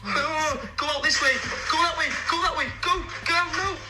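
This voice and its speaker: A man's voice: extremely high pitch, steady tone, normal speed, echoey room, noisy background. A man in a viral clip, screaming and swearing in panic inside his house.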